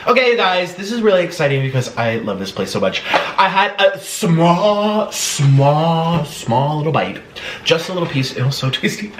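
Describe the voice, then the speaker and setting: A man's voice: a little high, sing-song, moderate pace, far from the mic. A young man hosting a mukbang eating vlog, talking in a hyper, bubbly way with sing-song exclamations. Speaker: mukbang host. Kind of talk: casual eating vlog chat. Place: room at home. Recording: echoey room, mic set back, faint hiss.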